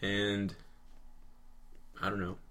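A man co-hosting a podcast in casual chat, halting and repeating words, often laughing. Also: lowish voice, completely flat delivery, bright, forceful tone. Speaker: podcast co-host.

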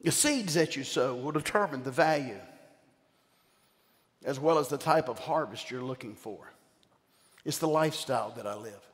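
A man's voice: medium pitch, normal speed, pauses often. Older preacher man in a reverberant hall. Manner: animated storytelling with call-outs to the congregation. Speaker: bishop and preacher. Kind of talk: sermon.

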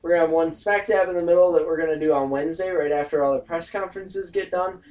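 A young man hosting a casual gaming podcast from a home bedroom, upbeat and quick to laugh. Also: a little high, steady tone, a little mellow. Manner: upbeat, laughs often, plugs upcoming shows. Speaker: podcast host.

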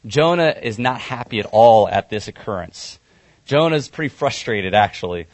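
A man's voice: medium pitch, no echo. A male pastor preaching a sermon, retelling a scripture story conversationally with some fillers.

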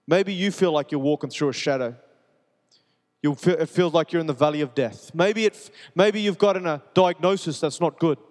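A man preaching a sermon, earnest and repetitive, moving between soft and urgent passages. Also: on the high side, moderate pace. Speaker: pastor. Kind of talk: sermon with personal testimony. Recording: long reverb of a large hall.

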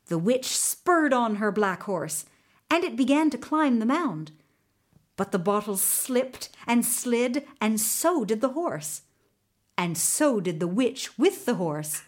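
Woman narrating a storybook, lively. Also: a little high, takes it slowly. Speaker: audiobook narrator.

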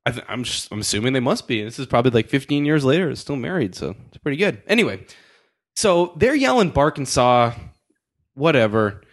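A man's voice: mid-range voice, sing-song, fairly quick. A young man hosting a podcast, telling a story in casual chat, laughing often and acting out the voices of the people in it. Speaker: podcast host.

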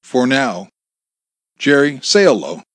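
A man's voice: mid-range voice, very animated, slow, a bit bright, no echo, voice pushed up, full character voice. A man voicing a menacing, sarcastic male kidnapper who taunts his victim over the phone, in a storybook reading. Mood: taunting. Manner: taunting, mocking, cruel.

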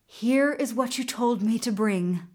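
A woman storyteller voicing a brave, humble young man in a folktale, calm and plain-spoken. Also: on the high side, a little slow. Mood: steady.

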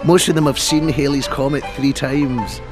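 A man's voice: medium pitch, fairly even intonation, normal speed, over music, lightly acted. A man doing a comic impression of a Scottish comedian, rambling through absurd jokes in a Scottish accent. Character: impression of a famous Scottish comedian touring Scotland.

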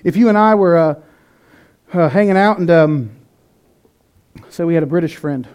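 A man's voice: fairly high pitch, normal speed, a little mellow, clean tone. A man preaching a sermon in an earnest, conversational way, with some restarts. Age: adult, past eighteen.

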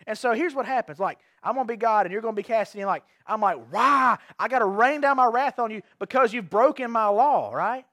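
A pastor preaches in a strikingly high voice for a man. He is earnest, circles back over his phrases and keeps putting questions to the congregation. The sound is dry and close, with almost no room around him. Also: a bit bright, no room sound. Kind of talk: evening sermon. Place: church sanctuary.

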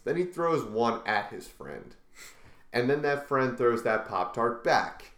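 A young man co-hosting a podcast, telling a story in casual chat, animated and swearing freely. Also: medium pitch. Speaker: podcast co-host. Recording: echoey room.

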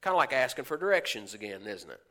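A man's voice: mid-range voice, sing-song, quick pace, a bit bright. A male pastor preaching a sermon in a folksy way, asking the congregation questions and acting out the voices of churchgoers. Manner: acts out quoted voices of churchgoers.

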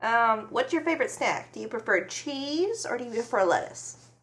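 A woman's voice: fairly high pitch, big pitch swings, moderate pace, a bit bright, slight background noise. A woman hosting a casual radio show from her farm, chatting, laughing often and talking to her animals. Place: farm home studio with dogs nearby.

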